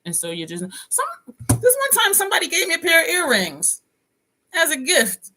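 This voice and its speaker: A woman's voice: very high-pitched, wildly swooping pitch, moderate pace, background noise. A woman vlogger chatting casually, reading comments and laughing often. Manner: chatty, laughs often, drops into quoted voices. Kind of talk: casual chat with live comments.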